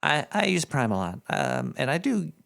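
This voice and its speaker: This exaggerated, gravelly voice sits on the high side, a bit bright, with huge pitch swings at a normal pace. A man is voicing a paranoid cartoon rat radio host who reads out donations, rambling scatterbrained live-stream talk peppered with jokey asides.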